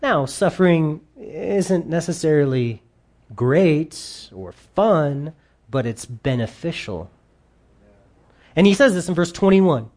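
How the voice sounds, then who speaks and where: A pastor preaching a sermon, reading scripture aloud and explaining it, with emphatic stresses that drop into quiet asides. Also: medium pitch, expressive, slow pace.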